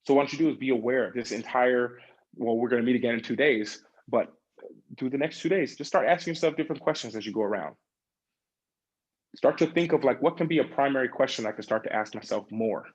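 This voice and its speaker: A man's voice: medium pitch, fast talker, breathy edge, highs cut off. A man leading a group coaching session over a video call, talking in a loose, chatty way with many fillers and acting out the questions people ask themselves. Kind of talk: casual motivational coaching talk.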